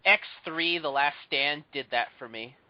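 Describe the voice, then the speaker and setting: A man hosts a casual podcast and rants about what he dislikes. His voice sits a little high and sounds dry and close. The audio is dull and lo-fi. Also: unhurried, no echo. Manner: opinionated, ranting about films. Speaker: host. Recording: muffled lo-fi audio.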